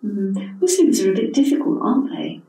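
A woman's voice: medium pitch, big pitch swings, brisk, mellow, lightly acted. An older woman reading as an impatient, loving mother. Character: harried middle-aged mother, impatient yet loving. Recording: echoey hall from a distant mic.

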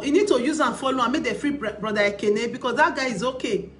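A woman's voice: a little high, quick pace, fairly bright tone, slight background noise. A woman vlogger with a Nigerian Pidgin accent, giving casual commentary on a video in an emphatic, repetitive way with rhetorical questions.

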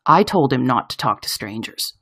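A woman reading a children's picture book aloud with expressive storytelling. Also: extremely low pitch, moderate pace, breathy edge.

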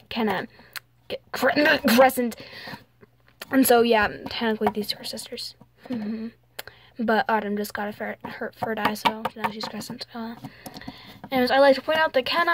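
A woman's voice: fairly high pitch, a little hiss or hum. A young woman hosting a casual home vlog, talking in a rambling way with fillers, trailing off and small giggles. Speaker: channel host.

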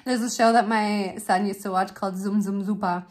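A woman's voice: medium pitch, fairly even intonation, moderate pace, a little mellow, soft background music. A woman from Canada, casually reacting to a video for her vlog, amused and laughing often. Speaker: vlogger and parent.

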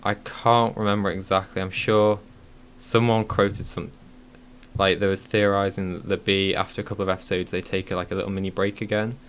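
A man's voice: sits low, flat delivery, fairly quick, fairly bright tone, a little hiss or hum. A man hosting a casual live-streamed podcast, talking with many ums and restarts. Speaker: podcast host.

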